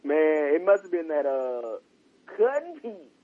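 A man co-hosting a podcast, chatting casually with slow, drawling, trailing remarks. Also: fairly high pitch, very animated, mellow. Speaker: podcast co-host. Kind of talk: casual chat. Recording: muffled lo-fi recording.

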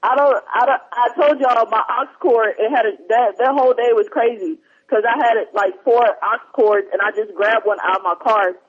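A man's voice: high-pitched, normal speed, hardly any pauses, slightly rough. A man hosting a talk show in casual chat, reading listener emails in a rambling, easily distracted way. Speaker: podcast host. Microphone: headphones, remote line. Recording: dull lo-fi sound.

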